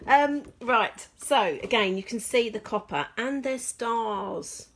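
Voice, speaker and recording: A woman demonstrating craft products in a casual vlog, bubbly and gushing, often laughing at her own excitement. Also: fairly high pitch, slow, hardly any pauses, slight background noise. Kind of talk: casual show-and-tell vlog.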